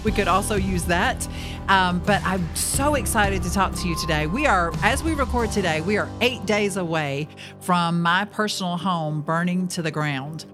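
A woman's voice: fairly low pitch, normal speed, over music. A woman hosting her own podcast, telling a personal story in a chatty way with fillers and little laughs, recorded in a studio. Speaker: podcast host. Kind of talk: casual storytelling.

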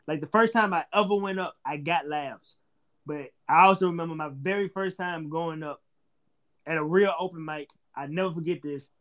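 Man, comedian guest, fairly high voice, animated profane storytelling, casual chat. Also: normal speed. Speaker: stand-up comedian, podcast guest.

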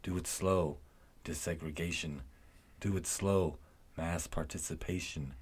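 Husky low-voiced man reading lyrics. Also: fairly even intonation, unhurried. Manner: declaims with rising intensity.

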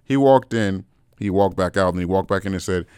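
A man's voice: sits low, brisk, darkish tone, clear, resonant tone, no room sound, clean studio sound. A young man hosting a podcast in a casual, frank chat, talking straight to his listeners and calling them bro. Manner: laid-back, frank, calls listeners bro. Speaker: podcast host.

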